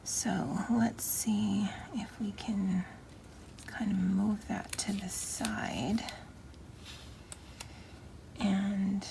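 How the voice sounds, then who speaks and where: A middle-aged woman chatting softly and often half-whispering as she decorates her planner, with a Valley Girl lilt. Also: mid-range voice, level tone, drawn-out words, vocal fry, long pauses, a little hiss or hum. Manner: soft, often half-whispered, self-deprecating. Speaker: planner vlogger. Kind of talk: casual crafting chat.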